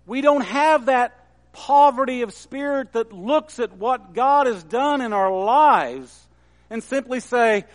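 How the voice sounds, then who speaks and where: A man preaching from the pulpit. His voice is high and his delivery is unhurried, with measured pauses and weighty quotes. The sound rings out with a long echo from a large hall. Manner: measured preaching, quoting scripture with emphasis. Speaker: pastor. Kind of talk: sermon.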